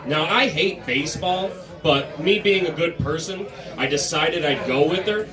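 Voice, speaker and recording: Young male comedian telling a story in an echoey club. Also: a little high. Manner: conversational, deadpan storytelling with filler pauses. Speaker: stand-up comedian. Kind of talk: stand-up storytelling. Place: comedy club stage before a live crowd. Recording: echoey room, mic from a distance, crowd audible.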